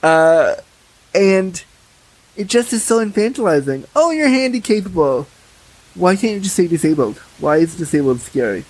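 A man with a husky voice, a podcast guest telling candid stories in a blunt, animated way. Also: a little high, moderate pace, low-quality recording. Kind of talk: casual podcast chat.

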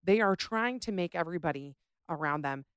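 A woman's voice: lowish voice, fairly quick, clean tone, no echo, clean studio sound. A young adult woman hosting a podcast, chatting casually and ranting with sass about listener stories. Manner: sassy, animated, ranting. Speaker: podcast host.

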